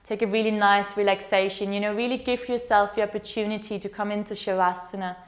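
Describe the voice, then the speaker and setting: Leading a guided meditation, a female yoga teacher gives gentle, soothing instructions slowly, her medium-pitched voice holding a steady tone.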